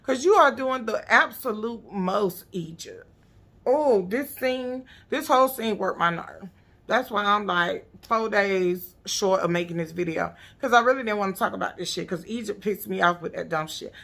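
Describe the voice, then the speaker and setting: A woman recapping a reality show in a blunt, profane, animated casual rant. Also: mid-range voice, normal speed, vocal fry.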